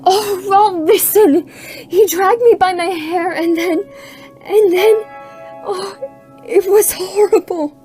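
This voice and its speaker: A woman playing a young woman who recounts a terrifying captivity in hushed, haunted narration. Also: high voice, fairly even intonation, unhurried, faint music behind. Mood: frantic. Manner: hushed, haunted recounting, rising into frantic cries. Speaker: actress narrating in a student short film. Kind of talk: dramatic storytelling narration.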